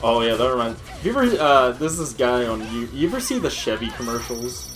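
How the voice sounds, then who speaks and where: A man's voice: mid-range voice, very animated, a little fast, over music. Rambling, profane young man gamer. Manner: rambling, profane, laughs often. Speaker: gaming podcast co-host. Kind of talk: casual gameplay chat.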